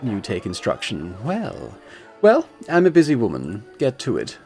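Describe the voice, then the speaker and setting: A man's voice: medium pitch, huge pitch swings, measured pace, gravelly, a little mellow, soft background music, full character voice. A man voicing a posh, scheming woman crime boss in a haughty drawl, in a tabletop game. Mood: commanding.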